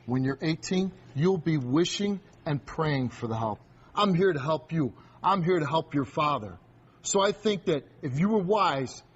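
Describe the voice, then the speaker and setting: Stern tv talk show guy barking orders at a teen, husky kinda raised voice, dull muffled sound. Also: on the high side. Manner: stern, scolding, commanding. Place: TV studio stage.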